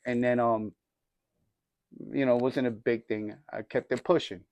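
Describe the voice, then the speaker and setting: Sharing his testimony with his church group, this man talks in relaxed street slang, voicing the people in his story, frequently starting over and tossing in "you know what I mean." His mid-range voice is clear, resonant and a little mellow, with fairly even intonation at a normal pace.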